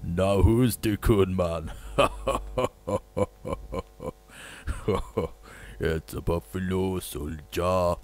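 A man doing a deep, drawling laid-back Jesus. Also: drawn-out words, a little mellow.

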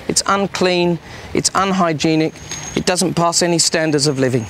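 Furious swearing man, high voice. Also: normal speed, hardly any pauses. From Australia. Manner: angry, swearing, shouting. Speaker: reality show housemate. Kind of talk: heated argument. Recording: crowd noise behind.

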